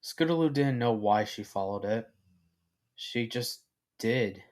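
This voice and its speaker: A man reading his own fan fiction story aloud as narrator, unhurried and with halting restarts. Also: medium pitch, animated, darkish tone.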